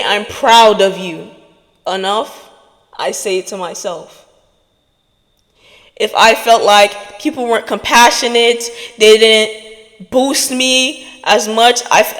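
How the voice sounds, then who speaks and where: A woman's voice: fairly high pitch, fairly bright tone, in a large hall. A woman hosting a podcast, giving an earnest motivational talk straight to her listeners. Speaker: podcast host.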